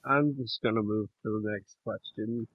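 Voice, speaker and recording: A man's voice: lowish voice, steady tone, normal speed. A man hosting a podcast interview, speaking briefly and dryly with some hesitation. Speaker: podcast host. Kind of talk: casual interview chat. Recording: tinny phone-like line, dry.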